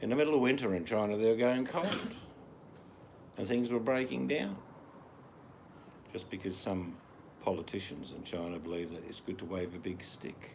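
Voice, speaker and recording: An older Australian man with a very low, gravelly voice rambles bluntly through a live chat from home. His delivery is loose and offhand, with the occasional swear. Crickets chirp faintly behind him. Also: lively intonation, moderate pace, pauses often, background noise. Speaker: livestream host reading chat. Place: at home in the evening.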